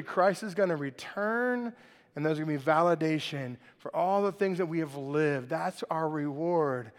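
A man preaching a lively sermon to a live congregation, joking with the crowd and often asking "right?". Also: fairly high pitch. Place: large church hall with congregation. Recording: long hall reverb.

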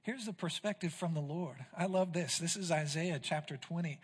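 Male pastor, high-pitched, preaching with dramatic volume swings, long church reverb. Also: normal speed, slightly rough. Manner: dramatic, swings from loud to hushed. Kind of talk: sermon. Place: church sanctuary.

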